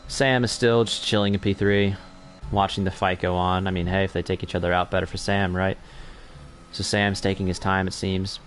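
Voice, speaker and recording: Man, young adult, race commentator, low voice, casual and self-correcting, light background noise. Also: normal speed. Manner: chatty, self-correcting, gets excited during battles. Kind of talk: sim racing commentary.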